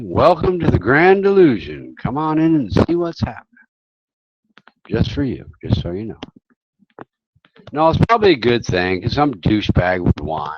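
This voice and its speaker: Foul-mouthed ranting man, lively pitch. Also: muffled recording, a little hiss or hum. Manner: crude, insulting, mocking. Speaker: livestream host. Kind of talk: profane livestream rant.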